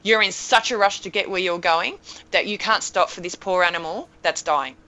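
Animated woman telling a story. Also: on the low side, normal speed, dull audio. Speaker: podcast guest. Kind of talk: casual storytelling.

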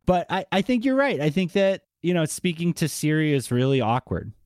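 A man's voice: a little high, sing-song, a little fast, a little mellow, no room sound, studio quality. A man with a Boston accent, speaking as an interview guest in a chatty way, often tagging his thoughts with "like" and "right?". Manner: chatty, with frequent "like" and "right?" tags. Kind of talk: conversational interview.

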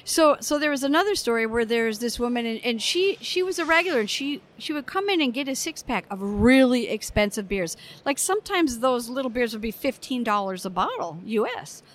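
A middle-aged woman from the United States tells stories with energy and animation. She slips into the voices of the people in her anecdotes. Her voice sits a little high. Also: a little fast, few pauses. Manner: lively anecdotes, acts out quoted customers. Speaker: guest, brewer. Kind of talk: conversational storytelling.

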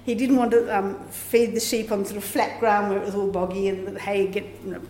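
A woman's voice: mid-range voice, little pitch movement, brisk, a little mellow, slight background noise. Woman, sixties, live storyteller, rambling, echoey room, faint ambience. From Australia. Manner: chatty, rambling with restarts.

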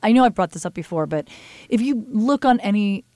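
A middle-aged woman hosting a podcast, telling stories in a candid, animated way and swearing freely. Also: mid-range voice, brisk, dry recording. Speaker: podcast host. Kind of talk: casual chat.

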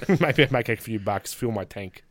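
An Australian man in his thirties, a guest on a casual podcast, telling candid, animated stories, swearing and laughing often. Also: fairly low pitch, normal speed. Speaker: guest, pro wrestler.

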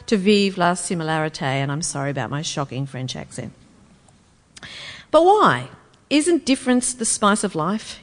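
Wry woman lecturing in a hall. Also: medium pitch. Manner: wry, emphatic, rhetorical. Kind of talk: public lecture.

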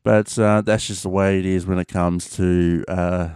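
An Australian man talks casually on his own show, rambling and restarting, with plenty of fillers and the occasional swear. His voice sits low and comes through smooth and clean. The sound is close and dry, with no room around it. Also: flat delivery, a little slow, darkish tone, dry recording. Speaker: podcast host. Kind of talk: casual solo chat.

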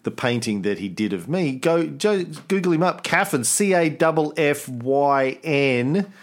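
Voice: medium pitch, lively intonation, unhurried. A podcast co-host chatting casually about art history in an irreverent, rambling way, swearing often. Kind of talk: casual chat.

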